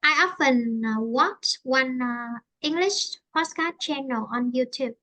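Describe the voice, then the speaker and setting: A woman with a Vietnamese accent leads an online English lesson, her voice pitched high. She explains slowly in simple words and often repeats herself so learners can follow. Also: sharp tone. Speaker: English teacher.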